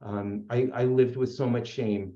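With a medium-pitched, mellow voice and fairly even intonation, a man speaks unhurriedly while sharing his story at a recovery meeting. He is earnest but rambles, with lots of fillers and restarts, and the recording is muffled and reverberant.

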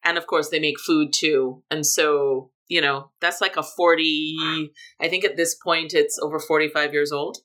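Low-voiced woman, bright tone. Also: steady tone, normal speed. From Jamaica. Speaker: interview guest. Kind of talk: casual conversational interview.

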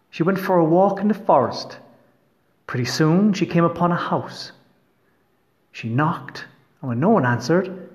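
A man reading a fairy tale aloud in an expressive, storytelling manner. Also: on the high side, highs cut off.

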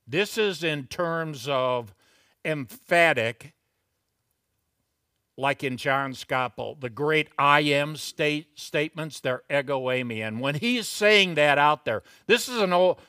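A middle-aged man preaching a sermon, talking conversationally with asides and then rising into loud, emphatic bursts. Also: no room sound, clean studio sound. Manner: slow, deliberate delivery with sudden loud, high emphatic bursts. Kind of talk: expository sermon.

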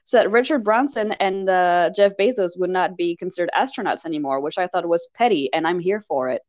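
A woman's voice: on the low side, fairly quick, darkish tone, no room sound. A woman from France, co-hosting a casual chat and telling rambling anecdotes full of fillers and laughs.

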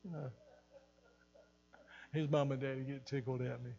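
A man's voice: mid-range voice, fairly even intonation, moderate pace, gravelly, warm tone, muffled recording. An older man pastor preaching an earnest sermon, repeating phrases for emphasis, recorded in a church hall. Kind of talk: sermon teaching. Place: church sanctuary.

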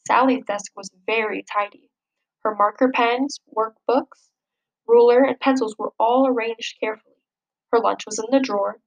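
Woman reading a kids' picture book out loud, lively and expressive, voice on the higher side. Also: moderate pace, gravelly, rough recording. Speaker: storybook reader. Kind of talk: children's story read-aloud.

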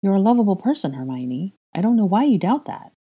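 A woman reading a steady, insistent young man. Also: mid-range voice, brisk, husky, voice pushed up. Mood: firm. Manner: gentle but firm, insistent.

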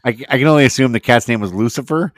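A man's voice: medium pitch, very fast, dry recording, clean studio sound. A man co-hosting a podcast, reacting to a story with teasing, incredulous remarks. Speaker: podcast co-host. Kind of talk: casual podcast banter.

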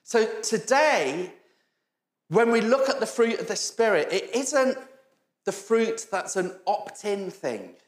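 A man preaching in an echoey church hall. His voice sits a little high and swings widely as he tells funny stories and acts out the people in them. He laughs often along the way. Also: big pitch swings, slow pace. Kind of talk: sermon with humorous stories.

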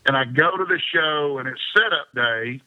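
A fishing pro, interviewed in a casual chat, rambles through long anecdotes and laughs often. His voice is a little high, at a moderate pace. The recording has a dull lo-fi sound.

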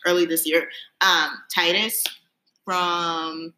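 Lol young woman chatting on a podcast, rambles, lots of "like", bright tone. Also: on the low side, level tone, slow, slight background noise, low-quality recording. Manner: rambling, laughs often, says "like" a lot. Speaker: podcast co-host. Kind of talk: casual chat.

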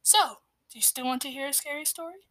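A woman's voice: sits high, fairly quick, pushed and bright, dry recording, voice pushed up. A woman voicing an ancient, eerie fox storyteller made of bones, speaking in a dry, dusty, menacing way. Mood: ominous.

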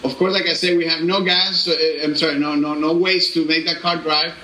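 High bright-voiced man telling a testimony. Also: a little hiss or hum. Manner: animated, laughing, halting restarts. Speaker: speaker giving a personal testimony. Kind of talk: storytelling testimony. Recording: echoey room with faint ambience.

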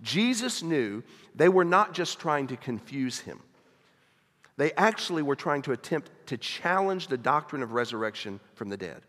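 A man's voice: medium pitch, sing-song, normal speed, fairly bright tone. A man preaching a sermon to his congregation, conversational, with many rhetorical questions. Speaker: pastor. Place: church sanctuary. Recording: long reverb of a church hall.

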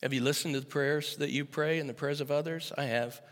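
A man in his sixties preaching a sermon as pastor, moving from easy storytelling to loud, emphatic preaching. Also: a little high, steady tone, a little fast. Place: church sanctuary. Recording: echoey hall with long reverb.

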